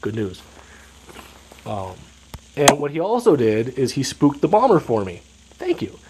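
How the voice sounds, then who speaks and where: A man with a blocked-up nose talks through a strategy game match in a casual, analytical way. He walks through each move step by step, with a sniffly, congested tone. A steady noise sits clearly behind his voice. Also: medium pitch, measured pace. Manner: analytical, explaining moves step by step. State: stuffed up, sniffling. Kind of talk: casual gameplay commentary.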